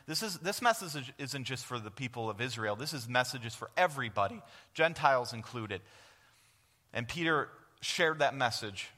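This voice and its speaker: A man preaching with a bright, forceful voice, earnest and direct, often asking the congregation a question and answering it himself. His words ring out with a long reverb from the church hall around him. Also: medium pitch, expressive, normal speed. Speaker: guest preacher. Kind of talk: sermon. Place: church sanctuary.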